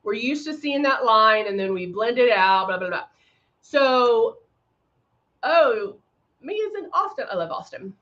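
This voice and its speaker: A woman hosting a live makeup tutorial, chatting casually with viewers and filling pauses with frequent ums. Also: fairly high pitch, sing-song, dull audio. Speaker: makeup livestream host.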